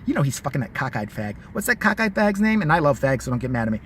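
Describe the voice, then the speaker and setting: A male vlogger in full rant, swearing freely and mocking everyone in sight. His pitch swings wildly from high yelps to low mutters. A faint hiss of background noise runs under the voice. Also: fast talker. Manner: profane, animated, mocking. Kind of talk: ranting commentary.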